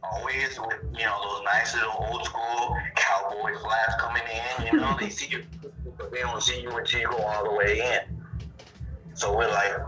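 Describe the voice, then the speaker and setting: A man calling in to a show, telling a long rambling story with lots of swearing and animated asides. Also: fairly low pitch, moderate pace, soft background music. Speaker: caller. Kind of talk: casual storytelling. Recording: roomy, distant phone-in sound.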